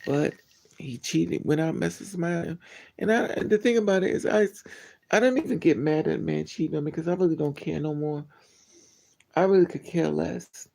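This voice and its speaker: A man hosting a livestream, telling a personal story to his viewers in a candid, animated, blunt way. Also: fairly high pitch, fairly quick, creaky. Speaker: livestream host. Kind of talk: casual storytelling to a live chat.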